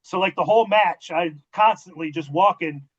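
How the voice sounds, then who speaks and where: A podcast host and former wrestling manager with a fairly high-pitched voice tells backstage stories at normal speed in a casual interview. He's loose and profane, animatedly acting out quoted dialogue. The audio is dull and lo-fi.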